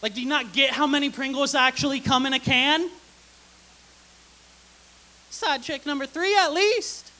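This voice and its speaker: High bright-voiced sarcastic young comedian woman. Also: a little slow, long pauses, rough recording. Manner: sarcastic, dry punchlines. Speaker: stand-up comedian. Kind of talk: stand-up comedy set. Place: theater stage before a live audience.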